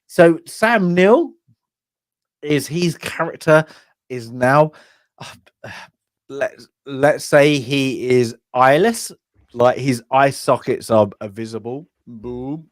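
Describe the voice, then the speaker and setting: A man's voice: mid-range voice, takes it slowly, no room sound. A man co-hosting a casual film review chat, rambling and acting out lines from scenes with bursts of laughter. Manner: rambling, acts out characters' lines loudly with laughs. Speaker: film podcast co-host.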